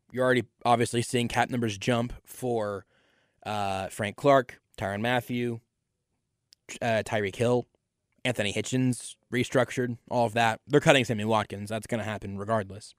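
A man with a mid-range, clean-toned voice delivers a solo football analysis monologue on his sports podcast, recorded at studio quality with no room sound. He's opinionated and repeats words to drive points home.

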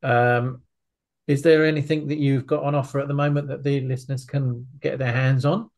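A woman hosting an interview podcast, a responsive listener with brief affirmations and gentle laughs. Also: rumbling low, flat delivery, moderate pace. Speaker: podcast host.

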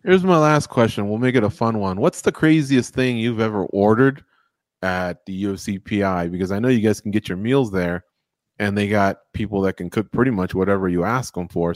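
A man's voice: lowish voice, normal speed, a little mellow, dry recording. A man hosting a podcast, chatting casually with a guest and asking playful questions. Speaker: podcast host. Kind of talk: casual interview talk.

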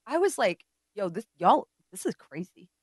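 A woman's voice: mid-range voice, moderate pace, breathy edge, dry recording, clean studio sound. A woman co-hosting a podcast in casual chat, telling stories and acting out what others said. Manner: animated storyteller who acts out quotes. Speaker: podcast co-host.

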